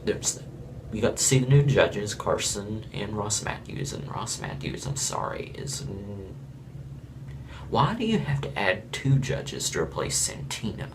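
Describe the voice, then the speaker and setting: A man's voice: on the low side, sing-song, unhurried, noisy background. A man from Florida giving a casual, blunt and rambling review of a reality show, with chuckling asides.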